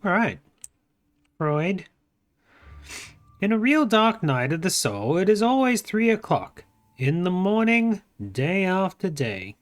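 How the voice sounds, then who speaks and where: An Australian man playing a game for his channel, reading its text aloud in his own voice, his pitch swinging up and down. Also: big pitch swings, slow, pauses often. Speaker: gaming YouTuber. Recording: faint game music behind the voice. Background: faint game music.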